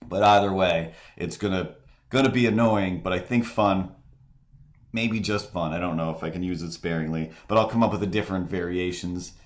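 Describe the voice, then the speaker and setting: A man with a deep, low voice talks casually on his live stream, wandering from thought to thought. He stops and restarts often, padding his sentences with fillers. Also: fairly even intonation. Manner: rambling, halting, many restarts and fillers; mimics voices in quoted asides. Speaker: streamer and host. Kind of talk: casual rambling stream chat.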